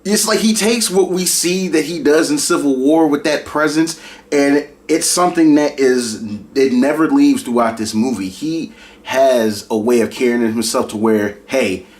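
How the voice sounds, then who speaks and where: A man's voice: mid-range voice, unhurried, darkish tone. A man giving a casual, enthusiastic movie review on his channel.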